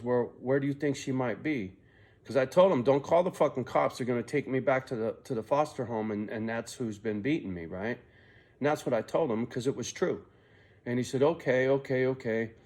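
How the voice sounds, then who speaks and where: Middle-aged male vlogger, profane and confiding, mid-pitched, rambling storyteller. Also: normal speed, a little mellow. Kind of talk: personal storytelling vlog.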